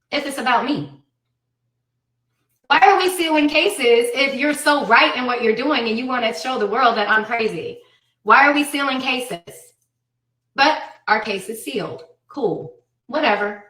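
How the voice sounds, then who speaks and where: Woman ranting about her own story, emphatic and cursing; bright tone, recorded from a distance with room echo. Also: fairly high pitch. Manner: blunt, profane, emphatic. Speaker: mother telling her custody story. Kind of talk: impassioned personal rant. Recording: roomy sound, distant from mic.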